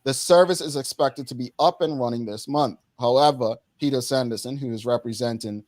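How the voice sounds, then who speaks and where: A man's voice: medium pitch, fairly quick, darkish tone, dry recording. A man from Bermuda hosting a daily talk show in a casual, chatty way, often calling out to the audience as folks.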